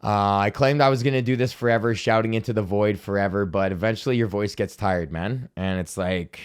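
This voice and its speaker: A man's voice: on the low side, a little fast, smooth. A young man hosting a solo comedy podcast, ranting in a profane, rambling, self-deprecating way. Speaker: podcast host.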